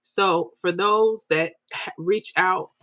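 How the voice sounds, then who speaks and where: A woman's voice: fairly low pitch, slow, fairly bright tone, no room sound. A woman hosting a live stream. She reads viewer comments aloud and talks to her audience in an open, emotional way. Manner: emotional, tearful at times, talks straight to viewers. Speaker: lottery numbers YouTube host.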